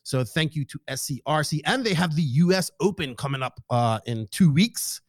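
An excitable man hosting a podcast, his voice bouncing all over its range at a fairly high pitch. He jokes and swears freely in casual chat. The sound is dry and close, with no room around it. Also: moderate pace, no room sound. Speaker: podcast host. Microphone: podcast microphone, remote call.

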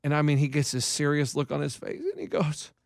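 A man with a high, light voice tells stories about his young kids, mimicking their whiny lines with quick bursts of speed. The sound is close and dry, with no room around it. It is loose, friendly podcast banter. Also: gravelly, no echo. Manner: animated storyteller acting out his kids. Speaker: podcast co-host. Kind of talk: casual chat.

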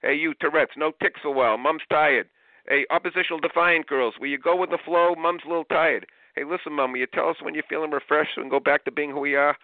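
A man's voice: fairly high pitch, fairly even intonation, fast talker, no echo, pitched above the performer's own voice, lightly acted. A man voicing an eager oldest kid who bosses the other children around, heard over a phone line. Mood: bossy. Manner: bossy, calling out orders. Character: eager oldest kid taking charge of siblings.

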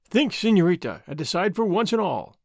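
A man's voice: high-pitched, very animated, a little fast, vocal fry, a little mellow, no room sound, studio quality, exaggerated voice. A man voicing a dashing masked outlaw hero who talks defiantly and taunts his foes. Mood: earnest.

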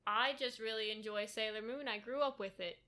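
A woman co-hosting a podcast in casual chat, dry and teasing, and quick to object. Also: on the high side, steady tone, bright, forceful tone. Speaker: podcast co-host.

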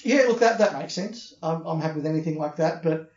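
Australian man, fairly high voice, casual podcast chat, opinionated, echoey dull room recording. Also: fairly quick, darkish tone, a little hiss or hum. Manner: chatty, opinionated, repeats words when starting. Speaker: podcast co-host. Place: hotel room.

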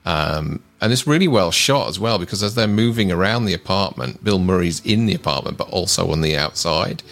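Gravelly low man in a relaxed chat. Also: fairly quick. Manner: hesitant, many fillers and agreeing "yeah"s. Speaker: podcast co-host. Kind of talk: casual film review chat. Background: faint synth music.

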